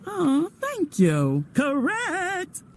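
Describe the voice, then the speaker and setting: A woman's voice: high-pitched, wildly swooping pitch, extremely slow, a little hiss or hum, exaggerated voice. An actress voicing a magical female harp in a cartoon, with a sing-songy voice, over music. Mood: chirpy.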